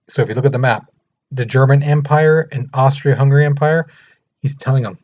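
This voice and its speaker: Male history teacher, animated storyteller, husky, lo-fi recording. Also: mid-range voice, brisk. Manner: animated, storytelling, acting out the countries. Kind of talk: casual recorded lesson. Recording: muffled lo-fi recording.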